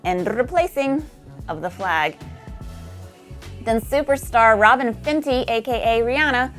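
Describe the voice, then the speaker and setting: A woman in her thirties from Nashville hosting a music news show, reading her script with breezy, slangy asides. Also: a little high. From Nashville, USA. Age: 30s.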